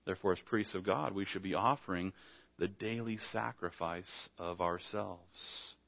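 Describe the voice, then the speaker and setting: A man's voice: deep voice, unhurried, vocal fry, muffled recording. A man preaching an evening sermon, speaking conversationally and acting out little back-and-forth dialogues to make his points. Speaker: pastor.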